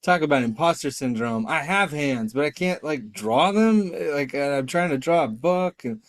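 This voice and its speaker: A middle-aged man, a guest on an interview podcast, chatting casually in a lively, self-deprecating way and acting out the voices he quotes. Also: fairly high pitch, moderate pace, no room sound. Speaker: guest, storyteller and artist.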